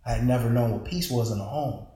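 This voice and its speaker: A man hosts a loose, joking conversation, spinning stories and teasing his friends. His voice sits at an ordinary pitch. The room around him is heavily echoey. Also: fast talker, mellow. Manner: storytelling, playful teasing, laughs often. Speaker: podcast host. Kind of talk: casual chat.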